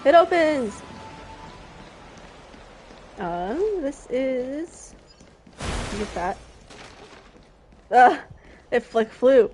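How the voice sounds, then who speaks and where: A young adult woman giving casual gameplay commentary, chatty and excitable, often talking to herself. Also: on the high side, drawn-out words, long pauses, soft background music. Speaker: streamer.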